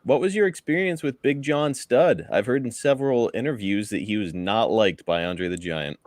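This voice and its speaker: Man, podcast co-host, easy-going questions, deep voice, dry close sound. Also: moderate pace, darkish tone, no room sound. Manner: curious, easy-going, laughs along. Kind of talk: casual podcast interview.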